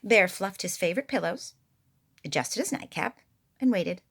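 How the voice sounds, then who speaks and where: A woman reading a picture book aloud, expressive and playful with her own asides. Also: mid-range voice, moderate pace, slight background noise. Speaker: storyteller.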